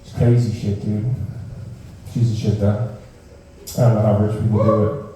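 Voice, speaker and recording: A man's voice: lowish voice, moderate pace. A man performing a stand-up set at an open mic, ranting in disbelief with plenty of swearing. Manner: animated, profane, incredulous rants. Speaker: stand-up comedian. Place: open mic comedy room. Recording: very echoey room, mic far off.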